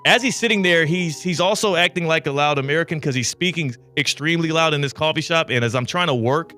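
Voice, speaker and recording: A man hosting a talk radio show, telling a long story with lively, animated delivery. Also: fairly high pitch, fast talker, soft background music. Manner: lively anecdotal telling with bursts of laughter. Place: radio studio.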